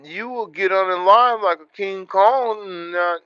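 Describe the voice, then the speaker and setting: A man's voice: sits high, dry recording. Man, livestream chat host, boastful street slang, dry muffled sound. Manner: loud, boastful street slang, repeats words in rapid runs. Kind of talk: casual livestream chat, reading the chat.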